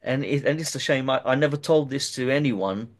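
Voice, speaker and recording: A man in an interview tells a long personal story. His voice sits at an ordinary middle pitch. He talks in a halting way, often stumbling and repeating words as he goes.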